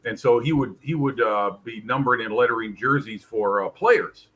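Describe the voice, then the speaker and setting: Bright-voiced rambling man chatting. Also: medium pitch, normal speed, poor audio. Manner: rambling, hesitant restarts. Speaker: panel guest. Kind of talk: casual chat.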